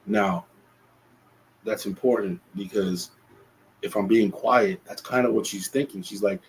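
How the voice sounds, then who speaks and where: A man's voice: lowish voice, fairly even intonation, unhurried, creaky, slight background noise, rough recording. A man hosting a solo podcast, talking earnestly and reflectively, often restarting his phrases. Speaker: podcast host.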